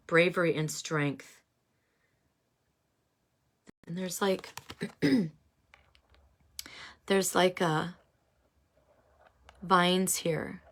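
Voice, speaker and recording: A woman giving a casual oracle card reading, musing and halting with many fillers. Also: on the low side, a bit bright.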